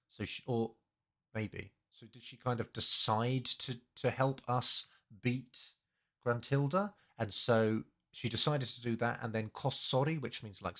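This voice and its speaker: A man's voice: mid-range voice, fairly bright tone. A man casually breaking down language and grammar, thinking aloud with many fillers and self-corrections. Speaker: language learning streamer.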